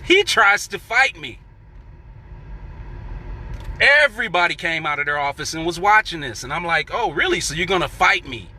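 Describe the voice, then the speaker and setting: A man's voice: sits high, sing-song, normal speed, pauses often, sharp tone, slight background noise. A man telling a heated workplace story in casual, profane monologue, acting out what he and others said. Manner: profane, heated, acts out quoted coworkers.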